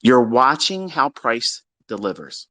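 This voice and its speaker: A man's voice: mid-range voice, very animated, slow pace, sharp tone, dry recording. A man giving a profane, exasperated lecture on trading to his livestream viewers. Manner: mocks listeners in put-on quotes. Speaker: trading educator.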